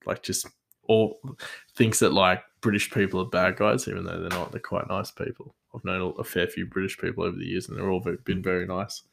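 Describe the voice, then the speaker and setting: A man's voice: low-pitched, flat delivery, brisk, vocal fry, fairly bright tone, slight background noise. An Australian man hosting a podcast, telling stories in a rambling, self-deprecating way and laughing often. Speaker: podcast host. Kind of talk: casual storytelling.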